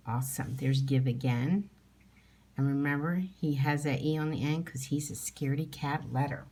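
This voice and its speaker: A woman's voice: sits low, steady tone, normal speed, dark tone. A middle-aged woman teacher leading a phonics spelling lesson for young children at home, patiently sounding out letters and words.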